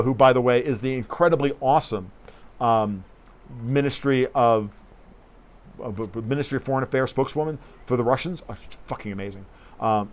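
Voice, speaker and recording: A man hosting a casual political livestream, talking bluntly and profanely in a rambling way and reading viewer comments aloud. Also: medium pitch. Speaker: livestream host.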